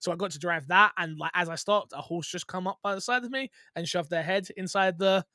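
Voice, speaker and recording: A young British man hosting a gaming podcast, tired, chatty and excitable, going from loud outbursts to mumbled asides. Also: high voice, fairly quick, no echo, clean studio sound. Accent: British English. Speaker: podcast host. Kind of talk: casual podcast chat.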